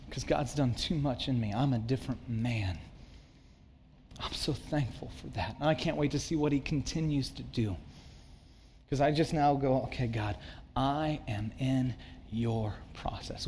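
A man in his thirties preaching a sermon as a pastor, earnest, moving between hushed and emphatic delivery. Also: medium pitch, slight background noise. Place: church sanctuary. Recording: church hall reverb.

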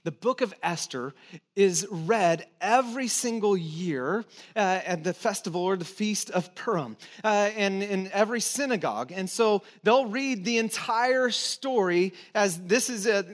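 Male pastor, sermon, conversational, emphatic, high-pitched voice. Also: expressive, a little slow. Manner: conversational, emphatic, with restarts and asides; drops to soft, intimate encouragement.

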